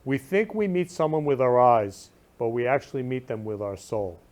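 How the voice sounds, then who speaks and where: A man's voice: mid-range voice, big pitch swings, moderate pace, a little mellow. A man hosting his talk show from his room, speaking effusively and repeating loving phrases with emphatic stress. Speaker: show host. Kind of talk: casual talk show monologue.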